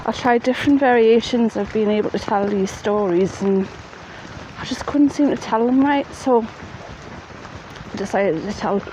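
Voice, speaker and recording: A woman's voice: fairly high pitch, moderate pace, warm tone, low-quality recording. A woman telling a ghost story in a chatty, plain-spoken way, outdoors at night in the rain. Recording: faint rain noise behind.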